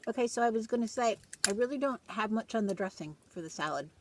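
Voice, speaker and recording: Animated female co-host, playful and chatty, noisy home recording. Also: a little high, quick pace. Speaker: co-host food critic. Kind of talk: casual mealtime chat. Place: home dining table. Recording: clear background noise.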